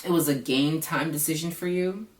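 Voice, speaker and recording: A woman's voice: low voice, moderate pace, darkish tone, echoey room, far from the mic. A woman who reviews reality TV in a casual vlog, ranting bluntly and with a lot of profanity.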